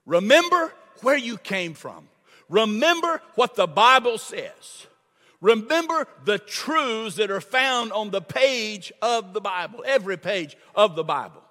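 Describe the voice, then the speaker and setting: An older man preaching to his congregation, with a high, bright voice and an unhurried delivery. He repeats phrases for emphasis and calls on the listeners to answer back. The church hall rings with a long echo. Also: sing-song. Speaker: pastor. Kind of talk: sermon. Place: church sanctuary.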